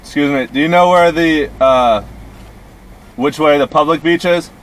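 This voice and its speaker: A man's voice: a little high, moderate pace. A man chatting casually outdoors, giggling and laughing through his words. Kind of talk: casual joking chat. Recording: noisy outdoor recording.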